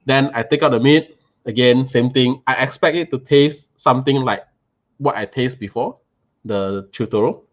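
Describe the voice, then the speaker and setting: Excited man telling a food story. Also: medium pitch, moderate pace, lo-fi sound. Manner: animated, excited, restarts and repeats words. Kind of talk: casual storytelling chat.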